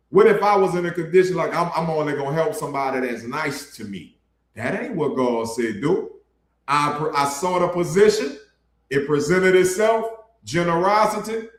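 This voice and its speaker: Man, street preacher, blunt and colloquial, slightly high voice, echoey room. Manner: blunt, preachy, colloquial, addresses listeners as bro. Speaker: street preacher hosting an online ministry. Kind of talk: casual street sermon.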